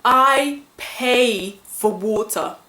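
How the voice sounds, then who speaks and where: A woman vlogger talks straight to camera in a fairly high voice, venting with animated exasperation and plenty of fillers. The room around her is echoey. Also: drawn-out words. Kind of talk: casual ranting vlog to camera.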